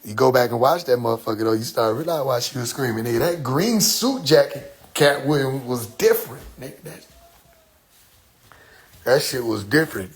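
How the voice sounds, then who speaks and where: Young man, husky voice, lively up-and-down delivery, laughing, profane, casual storytelling. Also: mid-range voice. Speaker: streamer.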